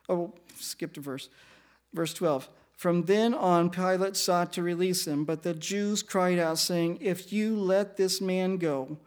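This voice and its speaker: High-voiced male preacher teaching scripture. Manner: reads scripture aloud then explains it, asking the listeners questions; acts out the speakers in quotes with shifting pace and loudness. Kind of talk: sermon, verse-by-verse Bible teaching.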